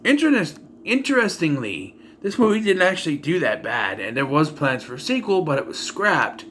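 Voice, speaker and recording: Bright-voiced young man reviewing movies. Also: fairly high pitch, very animated, normal speed, a little hiss or hum. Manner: rambling, sarcastic, with many restarts and fillers. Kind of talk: casual movie review vlog.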